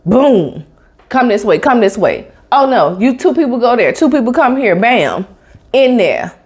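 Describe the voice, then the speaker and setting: Lady venting on her vlog, sassy and emphatic, voice jumps all over, kinda high. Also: sing-song, unhurried, darkish tone, slightly rough. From Tampa, Florida. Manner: sassy, emphatic storytelling with sound effects. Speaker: vlogger. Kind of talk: casual mukbang chat.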